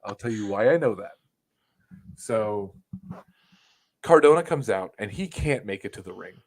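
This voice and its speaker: Animated, profane young man telling a story. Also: on the low side, moderate pace. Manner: animated, profane, acts out quotes loudly. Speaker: podcast co-host. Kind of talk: casual chat, storytelling.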